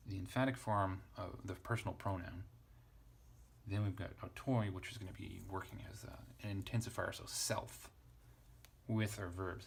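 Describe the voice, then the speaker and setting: Very low gravelly man parsing text. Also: slight background noise. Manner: thinking aloud, spelling out letters. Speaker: Greek teacher. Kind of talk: casual lesson, parsing text aloud.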